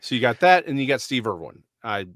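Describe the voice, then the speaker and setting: A middle-aged Texan man co-hosts a podcast in a relaxed, chatty way, filling his pauses with "uh" and "um." His voice sits at an ordinary pitch for a man. The sound is dry and close, with no room echo. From Dallas, Texas. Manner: easygoing, chatty, with many fillers. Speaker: podcast co-host. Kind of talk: casual podcast chat.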